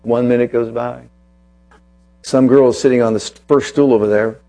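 A man preaching a sermon as pastor, telling a personal story and then slowing down to press his points with emphasis. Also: medium pitch, fairly even intonation, dark tone.

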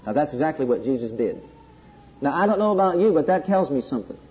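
Guy preaching w a high voice, gets loud then goes real soft n slow, dull lo-fi audio. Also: sing-song. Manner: emphatic preaching that drops to a soft, slow delivery. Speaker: pastor. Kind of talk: sermon. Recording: dull lo-fi recording.

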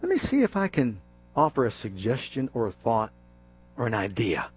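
A man voicing a sly scheming male devil in a low, soft, insinuating tone. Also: wildly swooping pitch, normal speed, slightly rough.

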